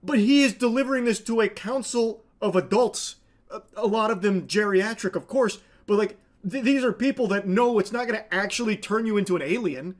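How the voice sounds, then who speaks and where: Man, host, sardonic clip commentary, profane rants, high voice. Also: brisk.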